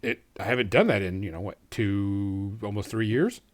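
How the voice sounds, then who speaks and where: A man's voice: on the low side, moderate pace. A man co-hosting a tabletop gaming podcast, talking in an easygoing, hesitant way with many ums. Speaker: podcast co-host. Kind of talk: casual chat.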